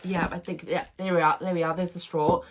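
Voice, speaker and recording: A young woman chats her way through an unboxing at home, gushing and excitable over each item. Her voice sits a little low for a woman, and she talks in a loose, casual way. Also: fairly quick, slight background noise. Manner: gushing, excitable, laughs often. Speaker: unboxing vlogger.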